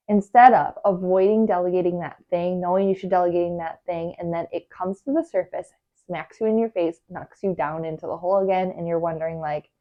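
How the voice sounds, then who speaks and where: A woman's voice: on the low side, fairly even intonation, a little fast, lo-fi sound. A woman hosting a podcast, giving casual advice in a chatty way full of fillers and acted inner voices. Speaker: podcast host, organizing coach.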